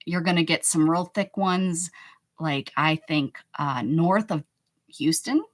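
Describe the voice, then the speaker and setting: A woman's voice: low voice, takes it slowly. A woman chatting playfully with her viewers during a casual live stream as she works on an art journal page. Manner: chatty, talks to viewers in chat while working; playful, exclaims and jokes. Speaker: livestreaming art journal creator. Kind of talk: casual live-stream chat while crafting.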